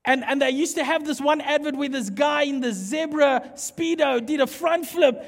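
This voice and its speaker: A man preaching a sermon, animated and playful as he jokes with the congregation. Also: very high-pitched, normal speed. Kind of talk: sermon with humorous storytelling. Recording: long hall reverb.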